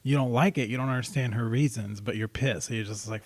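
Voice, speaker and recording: A man's voice: medium pitch, steady tone, quick pace, darkish tone, dry recording. A man co-hosting a casual podcast, teasing his friend and offering offhand readings of song lyrics. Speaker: podcast co-host.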